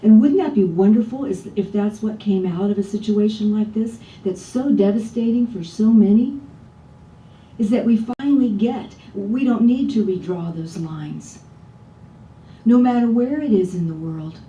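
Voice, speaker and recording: Warm-voiced woman minister in a roomy church. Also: normal speed. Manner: chatty, asks the congregation rhetorical questions. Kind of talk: conversational sermon. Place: church sanctuary. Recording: roomy, distant church sound with faint rumble.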